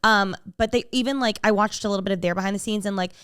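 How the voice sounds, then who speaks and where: A woman's voice: medium pitch, quick pace, fairly bright tone, clean tone, no room sound, clean studio sound. A young woman co-hosting a podcast, telling stories in a chatty, emotional way with lots of fillers. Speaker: podcast co-host. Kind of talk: casual chat.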